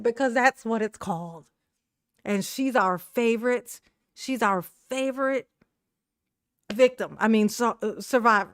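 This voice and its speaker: A woman's voice: on the high side, unhurried, long pauses, clear, resonant tone, dry recording, studio quality. A woman host giving casual, blunt reaction commentary, sassy and profane and laughing often.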